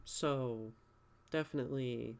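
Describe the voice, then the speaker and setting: A man in a relaxed, chatty critique, voice sitting in a middle register. He thinks out loud, leaning on fillers and checking in with "right?" as he goes. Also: mid-range voice, slow pace, vocal fry. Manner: conversational, thinks aloud with many fillers and "right?" tags. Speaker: streamer critiquing poetry. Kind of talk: casual spoken critique.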